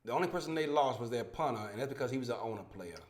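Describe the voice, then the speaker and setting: A man's voice: mid-range voice, lively intonation, very fast. A man hosting a casual sports podcast over a home mic that cuts out, talking in a profane, heated, rambling way with many restarts. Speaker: podcast host. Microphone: home microphone with dropouts.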